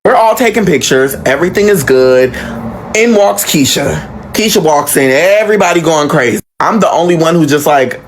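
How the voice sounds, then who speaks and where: A young man telling his own story in casual, animated fashion, swearing freely and swinging dramatically in pitch. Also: moderate pace, slight background noise.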